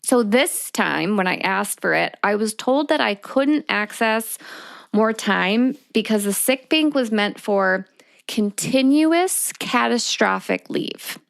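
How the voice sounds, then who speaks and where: A woman's voice: a little high, lively intonation, slow, gravelly, no room sound, studio quality. A woman co-hosting a casual podcast, telling her own story in a candid, matter-of-fact way. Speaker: podcast co-host.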